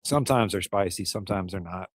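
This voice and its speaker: A man's voice: deep voice, fast talker, dry recording. A man, chatting casually and rambling to live-stream viewers from outdoors by a smoker, a little out of breath. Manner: rambling, folksy, addresses viewers as y'all.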